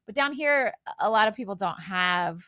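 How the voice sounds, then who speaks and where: Female co-host in her forties, light Southern accent, easygoing and talkative, middle pitch, dry studio sound. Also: lively intonation, moderate pace, pushed and bright, no echo. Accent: Southern US, faint. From American South. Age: 40s. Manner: chatty, laughs often, opinionated asides. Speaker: podcast co-host. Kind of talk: casual chat.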